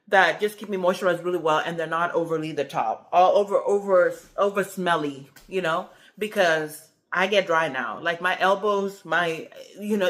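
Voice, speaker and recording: A woman in her forties talking casually to camera as a vlogger, chatty and animated, often checking in with "okay?". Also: lowish voice.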